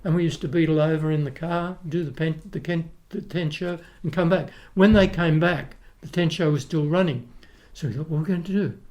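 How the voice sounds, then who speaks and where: A man's voice: fairly high pitch, a little fast, hardly any pauses, a little mellow. An older man from Australia with an Australian accent, a guest telling rambling anecdotes with frequent restarts in a casual podcast chat. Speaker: guest, retired opera tenor.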